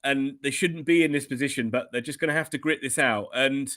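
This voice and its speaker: A man with a British accent, the resident soccer analyst, giving blunt, emphatic live commentary with halting restarts. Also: medium pitch, fairly bright tone. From Britain.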